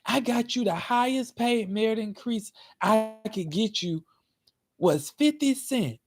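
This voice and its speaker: A woman's voice: animated, a little slow, a little mellow, soft background music. A man putting on a gushing, overexcited manager lady. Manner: gushing, high and pushy. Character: overexcited female manager giving a tiny raise.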